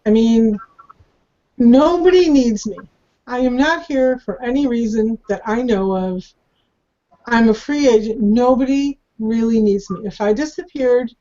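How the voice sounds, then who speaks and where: A woman with a fairly high voice shares her spiritual questions candidly, earnest and searching as she talks. The recording is dull and muffled. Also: darkish tone. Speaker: circle participant. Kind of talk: casual spiritual sharing.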